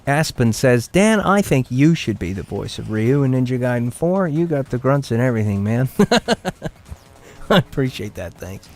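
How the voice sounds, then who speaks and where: A man's voice: medium pitch, sing-song, a little slow, a little mellow, soft background music. A man chatting casually while streaming a game, rambling and restarting his sentences. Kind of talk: casual gameplay commentary.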